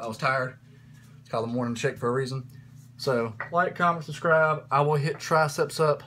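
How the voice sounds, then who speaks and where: A man talks through a workout as he lifts, casual and plain-spoken, a little out of breath between reps. His voice sits at an ordinary middle pitch. A faint hum runs underneath. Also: a bit bright, rough recording. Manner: casual, coaching, says y'all and frickin'. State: slightly out of breath. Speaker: fitness vlogger.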